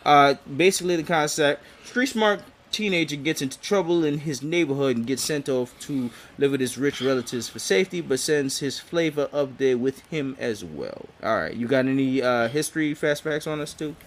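A man co-hosting a casual podcast who recaps a sitcom in a relaxed way with slang and frequent laughs. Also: medium pitch, normal speed, few pauses, slight background noise. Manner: relaxed and laid-back, uses slang and laughs often. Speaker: podcast co-host. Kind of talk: casual chat recapping a TV episode.

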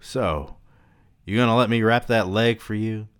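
A man voicing an old, fussy team trainer who insists in a high, pushy voice. A figure from a read-aloud novel, smooth-toned underneath. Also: measured pace, natural voice. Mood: insistent.

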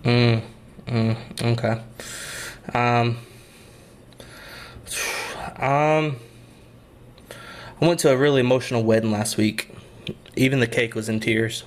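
Slow, hesitant man telling dad jokes. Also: mid-range voice, fairly even intonation, slight background noise. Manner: slow, drawn-out delivery with hesitant ums between jokes. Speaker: joke teller in a try-not-to-laugh game. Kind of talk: casual joke swapping.

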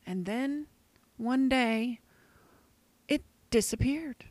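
Co-host, woman, fairly high voice, wistful storyteller, dry close sound. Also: very slow, darkish tone, dry recording. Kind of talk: personal storytelling.

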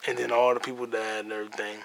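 A man hosting a podcast, recapping a movie in a casual, profane, animated monologue with acted-out quotes. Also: mid-range voice, fast, a little hiss or hum. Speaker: podcast host.

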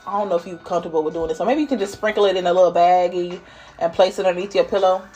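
A woman giving a casual spiritual reading, playful and laughing, dropping to whispers and jumping to loud bursts. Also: on the low side, racing, soft background music. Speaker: spiritual reader channeling messages. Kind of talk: casual intuitive reading monologue.

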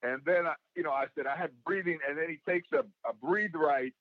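A man being interviewed as a guest, with a worn, raspy voice, telling animated stories and acting out what people said. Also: fairly high pitch, a little fast, no echo. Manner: animated storyteller who acts out quotes. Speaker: guest, actor and comedian. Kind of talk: casual interview chat. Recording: dull lo-fi dry sound.

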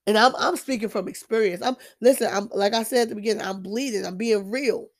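A woman's voice: mid-range voice, quick pace. A woman sharing her own faith testimony in a casual, preachy way, emphatic and repeating herself with frequent restarts. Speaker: Christian vlogger sharing testimony.

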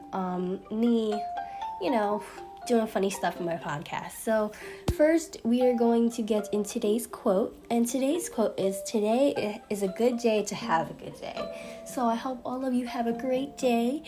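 Young female podcast host, higher pitched, bubbly, trips over words. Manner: bubbly, giggly, stumbles and restarts. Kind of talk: casual blooper reel of podcast intros.

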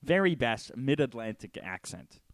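A young man co-hosting a podcast in casual chat, teasing and deadpan with mock-dramatic bits. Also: mid-range voice, normal speed, no echo. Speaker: podcast co-host.

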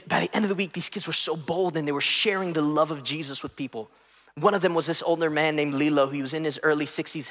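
A man preaching a sermon, his voice sitting a little high, with a long reverb trailing off the walls of a large hall. He builds to emphatic peaks and then drops soft, and slips into casual storytelling with fillers and asides to the congregation. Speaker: pastor.

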